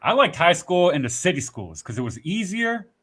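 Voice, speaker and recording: A man's voice: high voice, big pitch swings, moderate pace, fairly bright tone, slightly rough. A man in casual podcast chat, telling rambling, profanity-laced stories with acted-out quotes. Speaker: podcast host.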